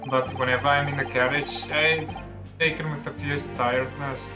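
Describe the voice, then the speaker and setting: A man doing a slow folksy defendant. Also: mid-range voice, little pitch movement, over music, natural voice. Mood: pleading. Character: rough working-class male defendant, older, folksy.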